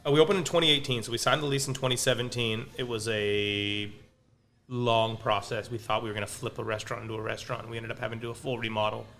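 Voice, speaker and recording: A man's voice: medium pitch, little pitch movement, fast, creaky, fairly bright tone, a little hiss or hum. A man who owns a pizza restaurant, talking casually as a podcast guest in a rambling way, full of restarts and fillers. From Palo Alto, California. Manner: rambling, frequent likes and restarts.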